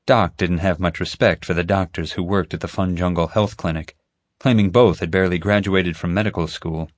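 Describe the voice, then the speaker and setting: Low-voiced man narrating a novel. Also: a little fast, no room sound, studio quality. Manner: even, storytelling. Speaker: audiobook narrator. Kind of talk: scripted first-person narration.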